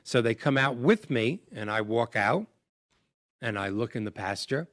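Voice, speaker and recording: Animated man host telling a story, dry sound. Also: medium pitch, normal speed, dry recording. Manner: animated, tells jokes against himself. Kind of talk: casual storytelling.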